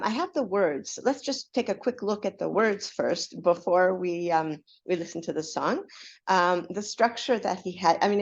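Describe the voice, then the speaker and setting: A woman teaches a class in a relaxed, chatty way. She often stops to restart a sentence and uses plenty of fillers. The recording sounds dull and lo-fi, and her voice sits at a middling pitch. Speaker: Torah teacher. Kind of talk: casual lecture to a class.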